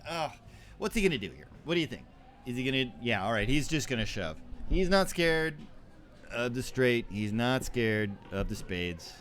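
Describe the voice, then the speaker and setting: A man's voice: medium pitch, very animated, normal speed, a bit bright. A man giving live poker play-by-play, joking and laughing easily with his co-host. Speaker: poker commentator.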